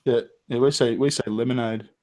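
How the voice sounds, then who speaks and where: A man's voice: mid-range voice, fairly even intonation, brisk, a little mellow. An Australian man hosting a casual live-stream chat, swearing freely and stumbling through restarts. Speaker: podcast host.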